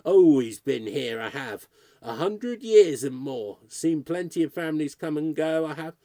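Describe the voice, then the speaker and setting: A man's voice: sits high, very animated, a little slow, dark tone, no room sound, pitched above the performer's own voice, exaggerated voice. A man voicing a chatty, smug old male ghost with a folksy, patronizing manner, in a storybook reading.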